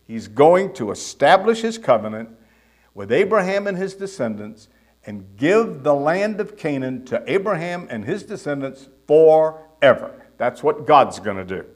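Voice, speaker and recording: A man's voice: on the high side, big pitch swings, a little slow. Emphatic man teaching verse by verse. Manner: emphatic, reads scripture aloud with rising force; fillers between phrases. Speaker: Bible teacher. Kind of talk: expository sermon.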